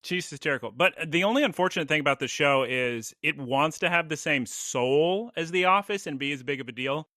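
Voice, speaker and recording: Casting: male podcast co-host, bright forceful tone, jokey and animated, dry close mic. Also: on the high side, dry recording. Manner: animated, jokey, quick asides. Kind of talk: casual chat.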